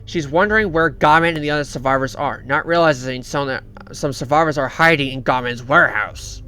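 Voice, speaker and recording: A man hosting a reaction video, narrating a story recap in a halting way, often repeating himself and restarting. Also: on the high side, bright, forceful tone, slight background noise.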